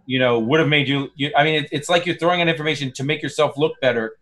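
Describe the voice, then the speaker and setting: A man's voice: a little high, fairly bright tone. A man in a heated game argument, laying out his accusations point by point and breaking off mid-sentence. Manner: methodical accusing, halting. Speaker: game player.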